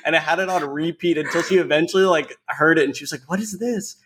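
A man in relaxed conversation who circles his point with constant fillers. He talks candidly and drops a curse when something frustrates him. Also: fairly high pitch, fast, breathy edge. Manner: loose, filler-heavy storytelling with frequent "like"; candid and profane when exasperated. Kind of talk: casual chat.

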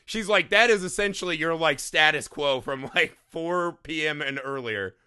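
Bright, animated man telling stories. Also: fairly high pitch, normal speed, smooth. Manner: animated storyteller, swears freely, laughs often. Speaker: podcast co-host. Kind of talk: casual podcast chat.

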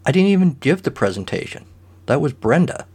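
A man's voice: sing-song, fairly quick, husky, exaggerated voice. A man doing a put-upon young office guy. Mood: defensive. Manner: higher and brighter, pleading. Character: young adult male office worker, earnest, put-upon.

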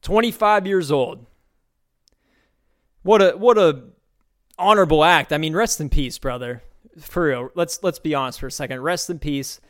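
A man's voice: on the high side, normal speed, long pauses. A man hosting a podcast, talking in a loose, sarcastic and incredulous way, rambling through his thoughts. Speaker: podcast host. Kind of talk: casual commentary.

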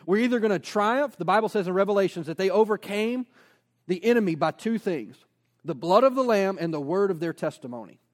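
A man preaching a sermon as a pastor, energetic, posing rhetorical questions and dropping in casual personal asides. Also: high voice, a little fast.

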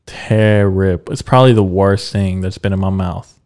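A man's voice: low voice, normal speed, a little mellow, clean tone. A man who is a guest on a podcast, chatting casually with crude, joking banter. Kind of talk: casual chat.

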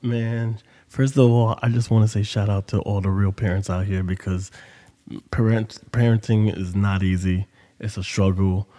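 A man's voice: deep voice, dark tone, big-room sound. A man hosting a podcast, telling a story in casual monologue with loose, profane street talk. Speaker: podcast host.

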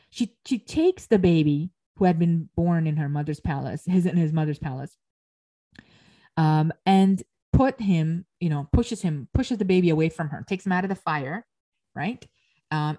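A woman lectures on an ancient myth, reading passages and explaining them as she goes. Her voice sits a little low with a warm, mellow tone, and she often stops to correct herself mid-phrase.

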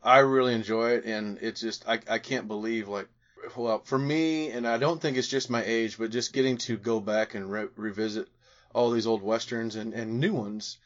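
A man's voice: lowish voice, steady tone, moderate pace. Man, podcast host, casual, upbeat, rambling, muffled audio. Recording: dull lo-fi sound.

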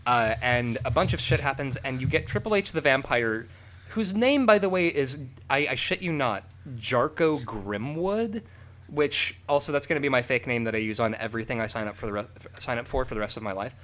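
A man's voice: medium pitch, fairly quick, slight background noise. A man co-hosting a casual podcast, riffing and swearing freely as he talks. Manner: profane, animated, riffing with laughs. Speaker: podcast co-host. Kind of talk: casual chat.

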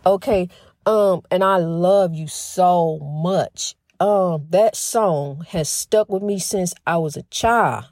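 A middle-aged woman hosting a faith-based talk program in a casual spiritual monologue. She talks fast with a slight stutter, restarts often, and keeps calling her listeners "honey". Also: on the low side, a little mellow, dry recording, clean studio sound. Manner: folksy and emphatic, says "honey" often.

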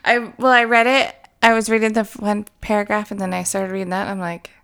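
A woman's voice: medium pitch, fairly even intonation, fast, fairly bright tone, smooth. A woman co-hosting a casual podcast, giggling, swearing and trailing off mid-thought. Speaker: podcast co-host.

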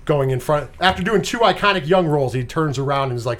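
A man's voice: a little high, animated, quick pace, fairly bright tone. A man hosting a casual movie review podcast, chatting loosely, swearing often and laughing along with his co-hosts. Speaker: podcast host.

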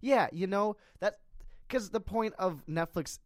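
A man in his early twenties co-hosting a casual comedy chat, deadpan and hesitant with many fillers. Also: high-pitched, a little slow, no room sound, clean studio sound. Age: 20s. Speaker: podcast co-host.

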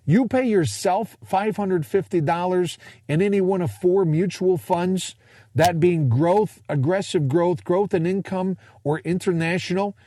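A man's voice: sits high, unhurried, dark tone, no room sound. A man in his forties giving a casual monologue, rambling with jokey, self-deprecating asides. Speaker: speaker sharing a personal finance story.

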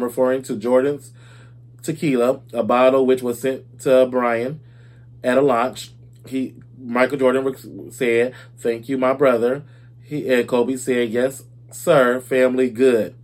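A man's voice: medium pitch, a little mellow. A man hosting a casual celebrity gossip talk, chatty and informal, calling his listeners "y'all" and "baby".

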